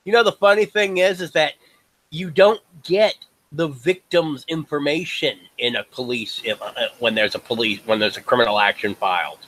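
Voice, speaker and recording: Bright-voiced man making sarcastic remarks. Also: a little high, normal speed, low-quality recording. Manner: sarcastic, hesitant with restarts. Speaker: podcast co-host. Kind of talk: casual podcast commentary.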